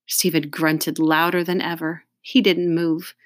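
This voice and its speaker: A woman reading a children's chapter book aloud in a steady storytelling manner, with friendly asides. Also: low voice, a little slow, no echo, clean studio sound. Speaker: reader.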